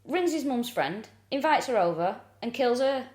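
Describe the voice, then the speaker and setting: A woman's voice: a little high, animated, moderate pace, a little mellow, reverberant. A woman co-hosting a comedy podcast, recounting events with dry, sarcastic asides. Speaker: podcast co-host. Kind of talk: casual comedic chat.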